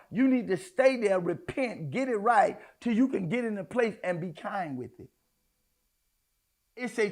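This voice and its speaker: A man preaching a sermon in a folksy, conversational way, swinging between hushed asides and loud outbursts. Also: high-pitched. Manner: folksy, addresses congregation as y'all, child, honey. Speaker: apostle preaching.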